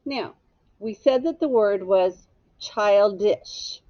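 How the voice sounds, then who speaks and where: A woman's voice: medium pitch, slow pace, no room sound, lo-fi sound. A woman teacher giving a phonics lesson to young children, patiently sounding out and spelling each word.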